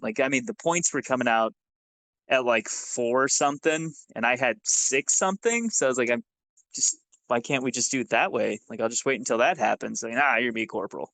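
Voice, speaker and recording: A man's voice: mid-range voice, brisk, no echo, low-quality recording. Profane man telling army stories. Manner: profane, animated, acts out dialogue. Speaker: podcast guest, former Army sergeant. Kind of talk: casual storytelling.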